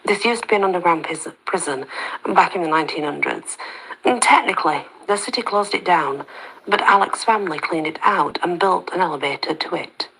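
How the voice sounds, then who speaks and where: A woman voicing a calm, protective young man with a deep rasp, talking low, quiet and steady. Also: brisk, low-quality recording. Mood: explaining.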